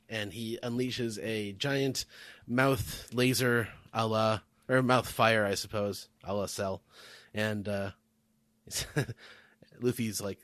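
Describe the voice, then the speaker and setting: A man's voice: lowish voice, slow pace, no room sound. A man hosting a podcast, recapping a comic chapter in casual chat, laid-back with frequent fillers. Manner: relaxed, laid-back summarizing with many fillers. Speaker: podcast host.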